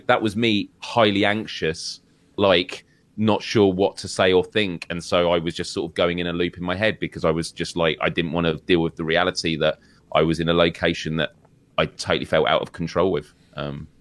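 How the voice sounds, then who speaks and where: Deep-voiced British man musing aloud. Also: steady tone, fairly quick, fairly bright tone, no room sound. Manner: reflective, rambling, with repetitions. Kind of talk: casual chat.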